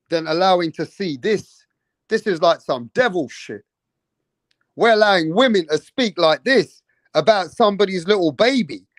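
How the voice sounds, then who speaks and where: A man's voice: high voice, no echo. A man, a boxing channel host, ranting indignantly in heated casual commentary with heavy swearing.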